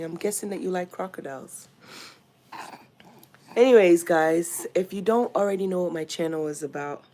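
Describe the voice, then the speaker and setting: A woman's voice: lowish voice, a little mellow. A young woman from Nigeria with a Nigerian accent, chatting casually on a home livestream and greeting viewers by name. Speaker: livestream host.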